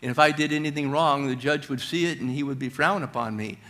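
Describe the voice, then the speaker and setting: A middle-aged man giving a motivational talk at a church, telling stories with high energy. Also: fast, fairly bright tone. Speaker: guest speaker.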